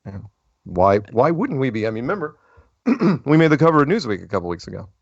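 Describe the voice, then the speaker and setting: A man's voice: mid-range voice, big pitch swings, fast talker, creaky, no room sound. A man hosting a call-in talk show, rambling and correcting himself as he goes, and laughing easily. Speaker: radio show host. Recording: lo-fi dry audio.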